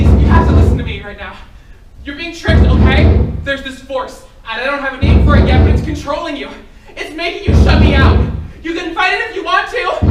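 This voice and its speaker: A woman's voice: high voice, lightly acted. A young woman playing a desperate girl detective. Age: young adult. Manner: earnest, pleading, spiraling into frantic apology. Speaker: stage actor. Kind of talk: live stage drama. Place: college theater stage. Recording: dull, echoey stage audio from far off. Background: loud music.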